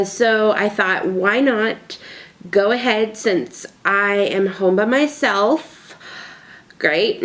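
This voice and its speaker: Chatty woman vlogging from home. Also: medium pitch. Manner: chatty, rambling with fillers and asides. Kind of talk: casual tag video chat. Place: home alone.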